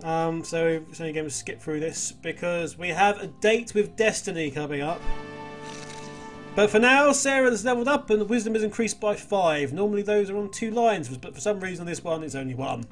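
High-voiced man joking through a game. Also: lively intonation, fairly bright tone, soft background music. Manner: playful, jokey, quick asides. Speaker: let's play host. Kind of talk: comedic game commentary, reading dialogue aloud.

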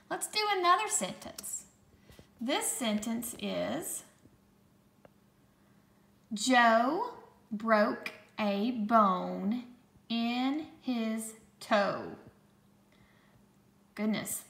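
Woman teacher, patient phonics lesson for kids, higher voice with a gravelly edge, echoey room. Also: a bit bright. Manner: slow, patient, sounds out dictation sentences word by word. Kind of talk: recorded phonics lesson for children.

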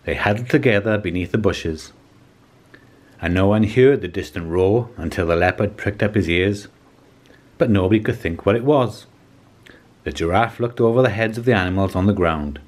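A man reading a children's picture book aloud in a calm, measured storytelling manner. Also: lowish voice. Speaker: storybook reader.

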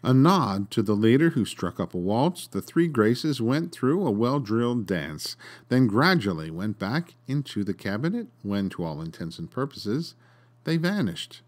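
A man hosting a podcast and reading a story aloud in an expressive, dramatic way. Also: mid-range voice, measured pace. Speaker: podcast host and narrator. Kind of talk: storytelling narration.

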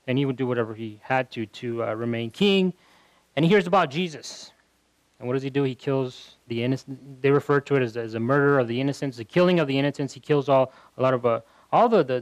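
A man preaches a midweek Bible study in a relaxed, conversational way, reading verses and then explaining them. His voice sits a little high for a man, and he often doubles words as he gathers his thoughts. The sound is dry and close. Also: no echo, low-quality recording. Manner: conversational, repeats words while thinking. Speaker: pastor.

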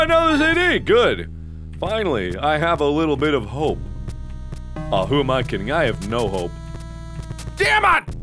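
A man giving excitable, panicky horror game commentary, often yelling and mocking himself as he talks to himself. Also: a little high. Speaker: let's-play host.

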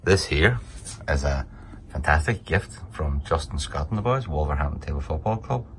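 A man with a Northern Irish accent from Derry chats loosely while walking through his indoor games room, and his voice sits extremely low. He talks in an offhand, wandering way and drops the odd curse. A faint noise hangs under him. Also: lively intonation, normal speed, low-quality recording. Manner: rambling and offhand, with frequent swearing. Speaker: table football player giving a tour. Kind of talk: casual walkthrough chat.

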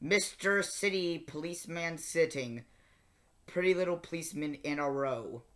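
Playing the Twelfth Doctor, a sardonic, grumpy older male alien time traveller, a man reads and sings lyrics in character, muttering exasperated asides. His voice is a little high and sharp in tone, at a normal speed.

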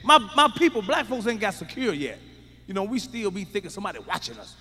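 A man doing profane stand-up on a big theater stage, high-pitched and bright-edged, with shouted punchlines and muttered asides. His voice rings out through a long concert hall reverb, with faint room noise under it. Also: sing-song, fast talker. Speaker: stand-up comedian. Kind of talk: stand-up comedy routine. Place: large theater stage with live audience.

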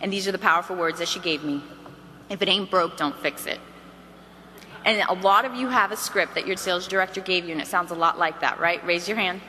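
A woman giving an energetic motivational sales training to a roomful of people, acting out phone calls as she goes. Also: fairly low pitch, quick pace, few pauses, long reverb tail, a little hiss or hum. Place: meeting hall.

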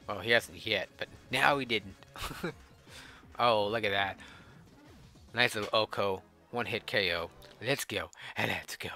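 A man's voice: on the low side, unhurried, long pauses, sharp tone, soft background music. A young man commentating on a video game, swearing freely and laughing often. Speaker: let's play gamer.

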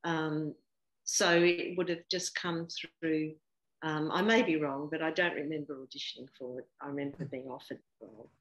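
A woman's voice: low-pitched, steady tone, normal speed, dull audio. Chatty woman in her sixties, roomy sound. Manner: chatty, laughs often, many fillers and restarts. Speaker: guest actor. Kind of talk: casual interview chat. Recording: roomy echo.

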